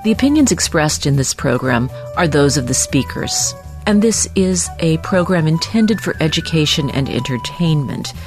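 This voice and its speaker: A woman's voice: low voice, lively intonation, normal speed, soft background music. A woman hosting a health podcast as a doctor, explaining medical research in a chatty, folksy way with casual asides. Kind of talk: scripted health podcast talk.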